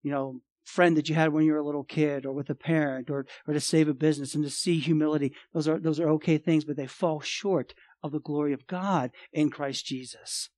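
A male pastor preaching a sermon, emphatic, swinging between loud and quiet and repeating phrases. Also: a little high, fairly even intonation, fairly quick, hardly any pauses, no room sound.

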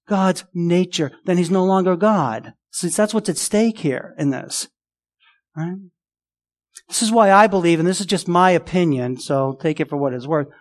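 A man preaching a sermon as pastor, conversational and emphatic, often asking the congregation rhetorical questions. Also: high-pitched.

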